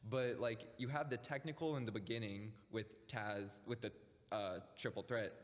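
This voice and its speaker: Excitable young man, echoing room. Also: fairly low pitch, moderate pace. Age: young adult. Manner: excitable, swears, laughs often. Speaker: guest. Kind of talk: casual chat. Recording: long reverb in the room.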